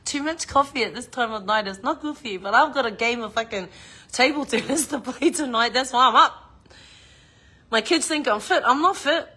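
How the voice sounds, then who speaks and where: A woman's voice: on the high side, normal speed, bright, forceful tone. A middle-aged woman, chatting casually on a livestream, laughing often and swearing freely. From New Zealand. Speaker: livestream host.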